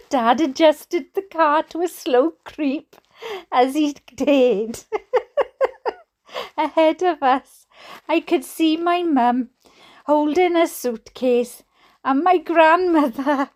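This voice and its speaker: This high-pitched voice with a darkish tone belongs to a Welsh reader and streamer working through a book aloud. She regularly stops for giggly, chatty asides drawn from her memories and often breaks into laughter.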